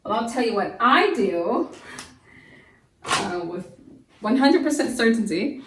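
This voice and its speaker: Woman teaching a homeschool class, lively, acts out quotes loud, sounds far off in a roomy space. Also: a little high, takes it slowly, background noise. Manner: animated, acts out quoted lines loudly, many fillers. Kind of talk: casual recorded lesson.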